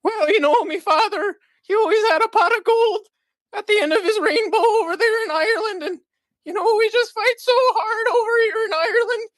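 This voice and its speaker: A man's voice: very high voice, normal speed, a bit bright, no room sound, clean studio sound, voice pushed up. A man doing an impression of a sentimental Irish woman boxer who sounds on the verge of tears and rambles in circles. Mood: tearful.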